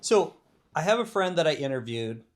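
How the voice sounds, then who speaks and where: A man's voice: a little high, sing-song, normal speed. A man hosting an interview podcast, asking curious, probing questions in a conversational way and backing his guest with short affirmations.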